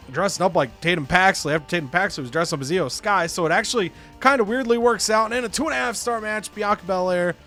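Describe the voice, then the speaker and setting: A man casually narrating a wrestling management game playthrough, slipping into exaggerated voices for the wrestlers. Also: high-pitched. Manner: animated, acts out wrestlers' lines in exaggerated voices.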